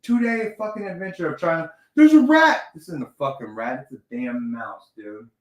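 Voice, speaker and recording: A man's voice: mid-range voice, normal speed, far from the mic. A man hosting a casual wrestling podcast, telling rambling, profane stories about his week. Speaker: podcast host. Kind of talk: casual chat. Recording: roomy, from off the mic.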